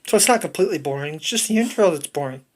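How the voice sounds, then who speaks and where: A woman's voice: sits low, lively intonation, rapid-fire, darkish tone. Chatty woman rambling in a home vlog. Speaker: family vlogger.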